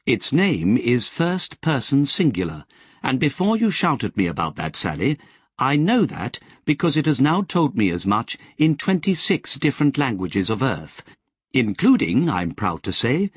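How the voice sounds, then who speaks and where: A man voicing a precise, chattering male artificial intelligence with a crisp, eager way of talking. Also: medium pitch, wildly swooping pitch, a little slow, no echo, studio quality, voice pushed up, heavily acted.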